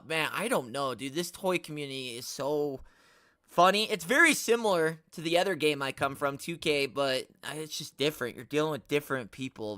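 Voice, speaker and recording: Bright-voiced guy rambling on a stream. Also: mid-range voice, no echo, studio quality. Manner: rambling, exasperated, slangy, reads chat aloud. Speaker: host of a toy collecting live stream. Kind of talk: casual live stream chat.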